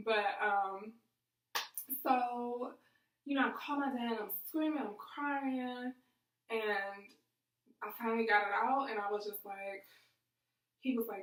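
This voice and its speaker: A fairly high-voiced woman speaks to her viewers in a candid, rambling way, leaning on fillers as she goes. The sound is roomy and echoey, and she sits back from the microphone. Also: steady tone, moderate pace. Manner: emotional, rambling, many fillers like "like" and "you know". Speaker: vlogger. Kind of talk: candid personal storytelling to camera. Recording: echoey room, voice from a distance.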